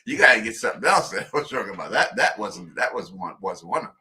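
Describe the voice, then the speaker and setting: Animated, emphatic man co-hosting a show. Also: on the low side, quick pace. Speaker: podcast co-host. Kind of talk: casual chat.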